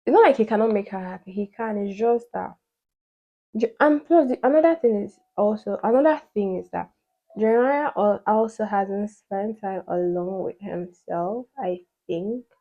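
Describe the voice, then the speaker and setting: A woman's voice: medium pitch, normal speed, highs cut off. A woman beauty vlogger chatting casually while doing her makeup, rambling with lots of "like" fillers and playful asides.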